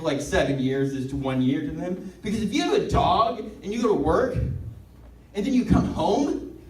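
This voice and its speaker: A male stand-up comedian doing a set, excitable and rambling, laughing at his own jokes. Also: high-pitched. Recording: echoey room from far off.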